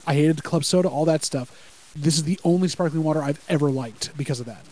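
A man chatting on a podcast with friends, talking fast and tumbling from one thought to the next. His voice sits a little high for a man, and he gets eager and a bit crude now and then, like a fan hanging out on a call. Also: dark tone, low-quality recording. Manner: rapid, enthusiastic rambling with profanity. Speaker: podcast co-host. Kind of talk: casual live-reaction chat.

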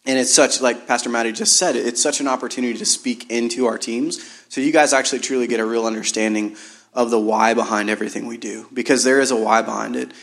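A man leading church teams, hoarse from singing, speaking in a loose, rambling way with lots of fillers. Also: medium pitch, fairly even intonation, quick pace, a bit bright. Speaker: church team leader. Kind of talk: casual church talk. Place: church service in a large room.

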